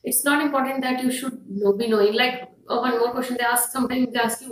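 A woman's voice: on the high side, fairly even intonation, fast, echoey room, far from the mic, rough recording. A woman with an Indian English accent, explaining exam tips in a firm, instructive way, with frequent fillers. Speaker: IELTS teacher. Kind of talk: explanatory lesson to camera.

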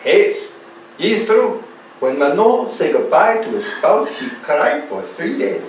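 A man playing a gallant, heartbroken Spanish gentleman. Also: fairly high pitch, measured pace. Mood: mournful. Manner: earnest, deadpan replies. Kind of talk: amateur stage comedy. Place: theatre stage. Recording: echoey hall, stage mic far off, faint hum.

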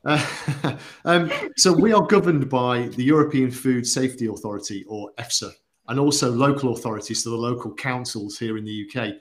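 A man's voice: mid-range voice, normal speed, a little hiss or hum. A man, explaining supplements on a company livestream in an earnest, methodical way with occasional fillers. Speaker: product expert on a company livestream. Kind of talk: casual livestream chat.

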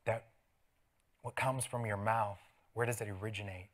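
Animated middle-aged male pastor preaching. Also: on the low side, moderate pace. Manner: animated storytelling with laughs and sudden soft asides. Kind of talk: sermon. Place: church sanctuary.

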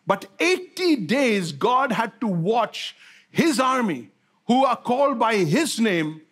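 High-voiced preaching man. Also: big pitch swings, slow pace, a bit bright. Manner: repetitive, rhetorical questions to the congregation. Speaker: pastor. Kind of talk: sermon.

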